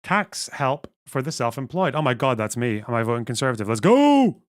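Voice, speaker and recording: A man's voice: medium pitch, a little fast, fairly bright tone, dry recording. A man streams live, reading passages aloud and then breaking off into blunt, profane asides. His voice sits in an ordinary middle range. The sound is dry and close, with no room behind it. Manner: profane, sarcastic, reads text aloud and comments. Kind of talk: casual live-stream commentary.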